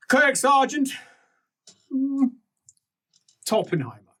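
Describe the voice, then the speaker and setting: A game master voicing a pair of sly, eager male twin guard sergeants who mutter in low, hushed voices. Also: big pitch swings, slow pace, distant mic, exaggerated voice. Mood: conspiratorial.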